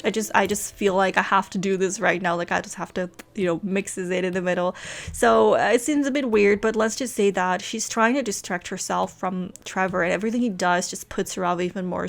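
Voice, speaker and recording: Casual female game host, rambling, chatty, unscripted commentary. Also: medium pitch. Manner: rambling, chatty, with frequent laughs and fillers.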